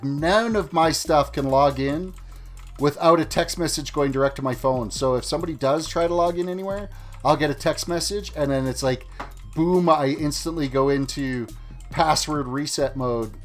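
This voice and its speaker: A slightly higher-pitched man talks loosely to his chat as he plays, rambling from one thought to the next. Faint music and keyboard clicks sit low behind him. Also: moderate pace. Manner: rambling, chatty, talks to chat while playing. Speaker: streamer. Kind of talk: casual live-stream chat. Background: faint music and keyboard typing.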